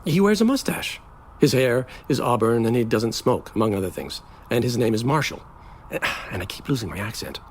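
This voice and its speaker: An actor playing a flamboyant, bitter groom on his wedding day, melodramatic and sardonic, swinging between slow drawls and sudden outbursts. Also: medium pitch, sing-song, slight background noise, natural voice. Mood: theatrical. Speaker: actor in a stage play. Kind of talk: theatrical stage acting.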